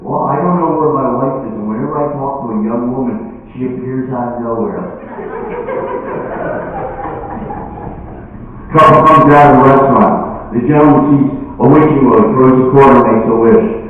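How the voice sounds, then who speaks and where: A man's voice: medium pitch, sing-song. Stand-up comic man in an echoey hall. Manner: punchy joke delivery with quick voiced characters. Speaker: comedian. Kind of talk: stand-up comedy for seniors. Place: room at a senior living community. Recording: echoey hall, distant mic, phone-like sound.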